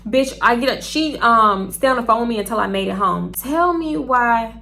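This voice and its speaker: A young woman vlogger telling a story in a blunt, profane, animated way. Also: on the high side, brisk, gravelly. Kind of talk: casual storytelling.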